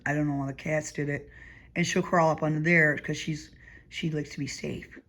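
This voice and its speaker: A woman's voice: deep voice, steady tone, moderate pace, fairly bright tone. Woman rambling chattily at home. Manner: chatty, digressive, laughs often, drops to a murmur. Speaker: vlogger. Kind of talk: rambling casual monologue.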